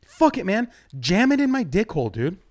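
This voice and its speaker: A young man works through a stand-up set in a rambling, foul-mouthed way. His fairly high voice swings widely in pitch and leaps into loud outbursts. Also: moderate pace. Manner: profane, rambling, animated delivery with sudden loud jumps. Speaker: stand-up comedian.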